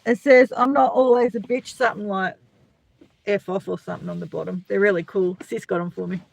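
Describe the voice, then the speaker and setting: A middle-aged Australian woman chats casually on a live stream, rambling and calling out viewers by name as she reads their comments. She speaks fairly quickly in a creaky, mid-range voice with a steady tone.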